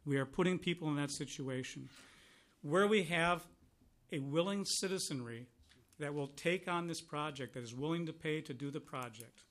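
A man's voice: a little high, normal speed, fairly bright tone. A middle-aged man, a county commissioner, giving formal testimony to a legislative committee in an earnest, emphatic way, repeating words for stress. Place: legislative hearing room.

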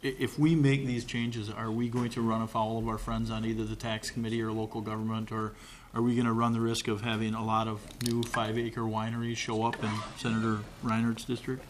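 A man's voice: fairly low pitch, completely flat delivery, brisk, slight background noise. A man, a state representative, asking wry questions in a committee hearing.

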